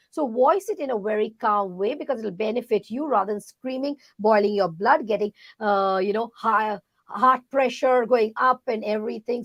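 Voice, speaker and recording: A woman coach speaking in a relaxed, animated interview over a video call, giving advice and acting out little quotes. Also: on the high side, no room sound. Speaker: podcast guest, leadership coach. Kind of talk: casual interview talk.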